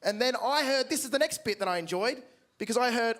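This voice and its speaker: A young Australian man in his twenties performing a stand-up comedy set, telling a story with lively acted-out voices and frequent swearing. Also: extremely high pitch, fast, a little hiss or hum. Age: 20s. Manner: animated storytelling, acts out voices, swears freely. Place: large theatre stage with an audience.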